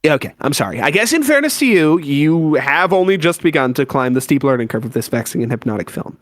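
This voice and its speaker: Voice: medium pitch, big pitch swings, fast, no room sound, close to an everyday voice. Someone voicing a sulky, disillusioned teenage boy who rants with sarcastic exasperation. His voice swings widely up and down as he complains. It is recorded dry and close, with no room sound. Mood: ranting. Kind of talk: fan voice-acted comic reading.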